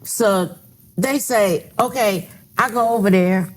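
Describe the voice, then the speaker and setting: An older woman, a grandmother, telling animated stories as a podcast guest and acting out quoted lines. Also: mid-range voice, slow pace. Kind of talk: casual storytelling. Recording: studio podcast with laughing audience.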